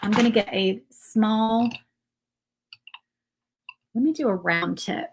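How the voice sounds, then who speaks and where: A woman hosting a casual painting tutorial. She is chatty and rambles, thinking out loud with fillers and little asides. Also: mid-range voice, slow pace, slight background noise, poor audio. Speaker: craft channel host.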